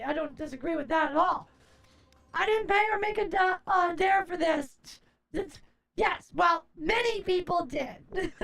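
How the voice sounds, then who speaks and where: A woman streamer chatting casually, answering chat aloud, groaning, swearing and expressive. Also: extremely high pitch, creaky. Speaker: livestreamer.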